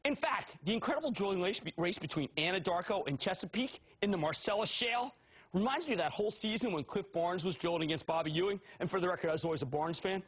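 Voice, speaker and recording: A man in his fifties hosting a TV stock market show, talking loud, manic and theatrical with sudden shouts. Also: high voice, expressive, fast, husky. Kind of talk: excitable TV stock commentary.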